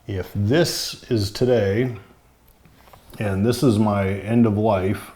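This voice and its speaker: A middle-aged vlogger speaks to the camera in a casual, frank, plain way, sometimes wry. His lowish voice is steady, slow and mellow, and he sounds somewhat short of breath.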